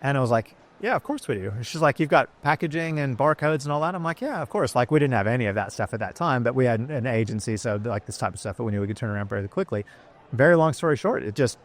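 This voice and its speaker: Chatty man telling a story. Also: mid-range voice. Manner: chatty, rambling, many fillers. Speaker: business founder, guest. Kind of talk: casual interview storytelling.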